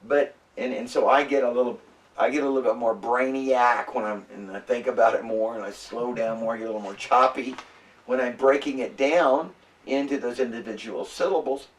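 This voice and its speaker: A man teaching a class in a casual, halting way, with many fillers and restarts. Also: mid-range voice, recorded from a distance. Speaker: Bible language teacher. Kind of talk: classroom lecture.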